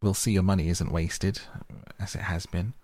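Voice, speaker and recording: Man voicing a good-natured mole, earnest, husky and dry. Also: low voice, fairly even intonation, moderate pace, a little mellow, dry recording. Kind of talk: storybook reading.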